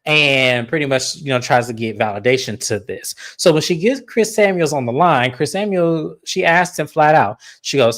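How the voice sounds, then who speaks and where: A woman's voice: sits low, lively intonation, moderate pace, hardly any pauses. A woman recapping a reality show in casual commentary, blunt and opinionated, swearing freely.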